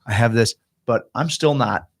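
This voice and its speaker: A man's voice: mid-range voice, normal speed, vocal fry. A man talking casually on a podcast, his speech loaded with swearing. He rambles and restarts as he tells an emotional story. Now and then he voices his own past thoughts aloud. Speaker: podcast guest.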